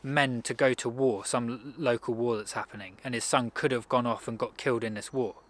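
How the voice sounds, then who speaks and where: A man at an average pitch giving a casual motivational talk. He speaks conversationally and rambles, breaking off and restarting sentences as he goes. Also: steady tone, fairly quick, fairly bright tone. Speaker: self-improvement speaker.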